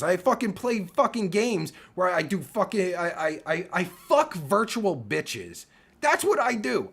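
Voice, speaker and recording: A man ranting angrily and profanely on his livestream, heated and full of fillers, with a raspy voice. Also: high-pitched. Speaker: streamer and podcaster. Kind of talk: angry livestream rant.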